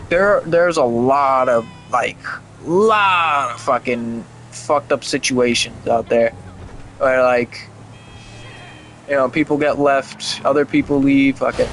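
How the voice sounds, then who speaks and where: A man's voice: mid-range voice, fairly bright tone, a little hiss or hum, rough recording. A young man streaming a game, chatting casually and rambling with lots of "like" and swearing. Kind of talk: casual gaming stream chat.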